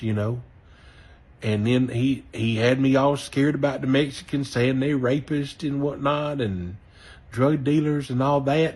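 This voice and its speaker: In a medium-pitched, breathy voice, a Southern American man airs his opinion as a voter through an angry, profanity-heavy rant, occasionally apologizing for the cursing.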